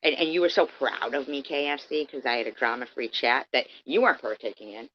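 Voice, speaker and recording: A woman's voice: a bass voice, a little fast, slight background noise. A woman livestreaming an angry, profane rant, confronting her critics head-on. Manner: heated, profane, confrontational, addresses critics directly. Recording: dull lo-fi stream audio.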